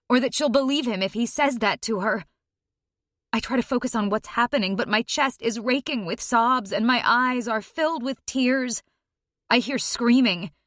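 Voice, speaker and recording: A woman's voice: on the high side, fairly bright tone, no echo, clean studio sound. Tense, emotional woman narrating a story. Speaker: audiobook narrator. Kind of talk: first-person dramatic story narration.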